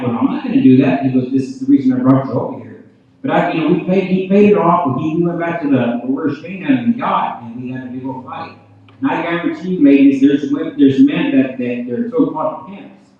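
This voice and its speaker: A man rushing through his revival testimony and turning to the congregation again and again. His voice sits mid-range and comes through thin and tinny, as if over a phone line. It booms back from a big reverberant hall, picked up from well away from the microphone. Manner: addresses the crowd often, repeats "you know what I mean?". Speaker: preacher giving testimony. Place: large church hall. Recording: tinny, very echoey hall from far off.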